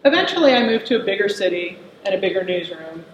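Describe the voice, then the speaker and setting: A man's voice: high voice, very animated, fast talker, a little hiss or hum. A middle-aged man performing an autobiographical monologue in a wistful, reflective storytelling manner. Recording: echoey, slightly dull room recording.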